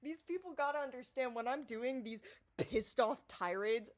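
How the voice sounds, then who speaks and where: A woman vlogger rants in a loose, rambling monologue, full of profanity and self-interruptions. Her voice sits a little high, and she drifts between low muttered asides and loud, excited outbursts. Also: measured pace. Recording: distorted audio.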